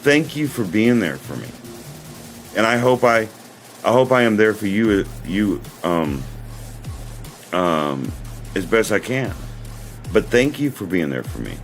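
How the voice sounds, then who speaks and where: A man's voice: on the low side, sing-song, unhurried, long pauses, soft background music. A man hosting his own livestream, talking in an earnest, rambling way and often repeating himself. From United States. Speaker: livestream host. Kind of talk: casual livestream talk.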